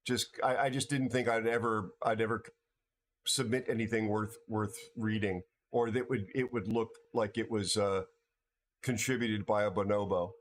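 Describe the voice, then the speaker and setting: Tired, halting American man. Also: lowish voice, fairly even intonation, a little hiss or hum. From United States. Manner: rambling, halting, many restarts and fillers. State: tired from no sleep. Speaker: livestream host. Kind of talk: casual livestream chat with viewers.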